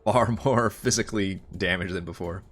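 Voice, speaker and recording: Bright-voiced man running a tabletop game. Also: low voice, normal speed, soft background music. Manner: laid-back, laughs often. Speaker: dungeon master. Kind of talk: narrating a tabletop game over voice chat. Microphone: home microphone on voice chat.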